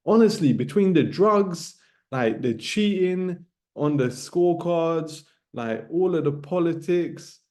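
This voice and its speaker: A man's voice: on the high side, lively intonation, slow, darkish tone. A man in his late thirties rants casually to camera about boxing. He repeats himself for emphasis and ends his phrases with 'man' and 'bro'. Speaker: boxing commentator vlogger. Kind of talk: casual ranting monologue to camera.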